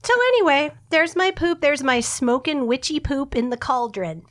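A woman's voice: sits high, normal speed. Laughing middle-aged woman with a cough. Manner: animated, laughs often, swears casually. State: has a cough. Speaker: podcast co-host. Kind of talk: casual chat.

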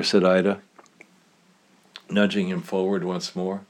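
A man reading his own short story aloud in a plain, steady way. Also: low-pitched, measured pace.

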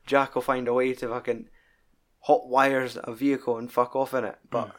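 A man's voice: mid-range voice, little pitch movement, moderate pace. Swearing man chatting about films. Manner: rambling, heavy swearing, laughs while recalling scenes. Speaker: podcast co-host. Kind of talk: casual film review chat.

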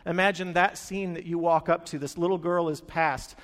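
A man's voice: on the high side, steady tone, moderate pace, fairly bright tone. A man preaching a sermon, telling the story with animation and acting out the quoted lines. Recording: long hall reverb.

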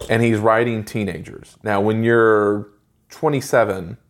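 A man in his forties rants through a movie review, chatting casually with a co-host and tossing in quick asides as he gives his strong opinions. His voice sits on the low side with fairly even intonation.

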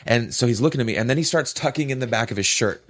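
A man's voice: medium pitch, quick pace, slight background noise. A man telling a long, profane story in a rambling casual way, often tagging "right?" onto his sentences. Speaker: podcast co-host telling a story.

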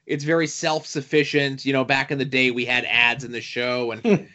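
A man's voice: medium pitch, little pitch movement, normal speed, pushed and bright, muffled recording. A man co-hosting a podcast, chatting casually and rambling with many fillers and asides. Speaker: podcast co-host.

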